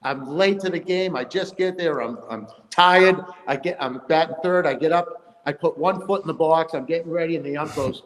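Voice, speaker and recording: A man in his sixties, a podcast guest, telling lively stories and acting out what umpires said to him. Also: a little high, normal speed, hardly any pauses, big-room sound, rough recording. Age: 60s. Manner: animated storyteller acting out quoted umpires. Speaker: guest, amateur baseball player. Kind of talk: casual interview storytelling.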